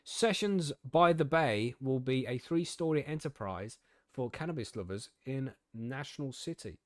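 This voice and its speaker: A man's voice: mid-range voice, expressive, measured pace, dry recording, clean studio sound. A young man from the UK hosting a podcast, telling stories and reading news in a casual, laughing, swearing way. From United Kingdom. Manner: swearing, laughing, gobby storytelling. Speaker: podcast host.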